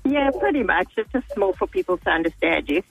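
A woman from South Africa with a South African accent, calling in to a radio show and giving short, relaxed, slightly hesitant answers. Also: fairly low pitch, fairly quick, vocal fry, narrow, tinny audio, soft background music. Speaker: caller. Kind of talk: casual radio chat.

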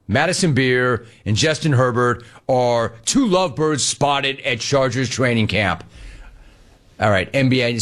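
A man hosting a sports talk show with a mid-pitched voice that sits in the usual middle range. He talks in a casual way, reading out listener messages and breaking into animated stories. Along the way he mimics the people he quotes.

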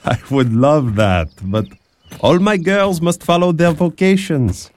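A man voicing a gentle, loving father of five daughters, speaking tenderly and reassuringly in an audio drama. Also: on the high side, lively intonation, measured pace.

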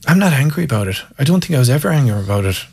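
A former Gaelic footballer from County Mayo, Ireland, speaks as a guest with an Irish accent, telling candid, self-mocking stories and reflecting openly in conversation. His mid-range voice swings widely in pitch and comes rapid-fire, gravelly, darkish and slightly rough.

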